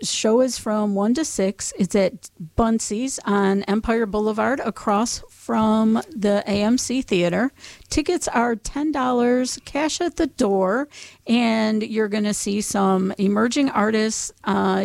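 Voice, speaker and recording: Lady radio host w a really gravelly voice, dry mic, upbeat, plugging an event. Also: medium pitch, darkish tone, no room sound. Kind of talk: casual chat.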